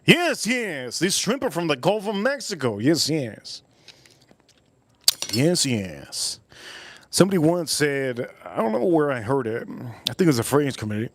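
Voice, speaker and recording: A man's voice: fairly high pitch, big pitch swings, moderate pace, pauses often, dry recording. Rambling, playful man on a livestream. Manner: rambling and playful, repeating catchphrases like "yes, yes". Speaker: livestream host. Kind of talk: casual livestream chat while cooking and tasting whiskey.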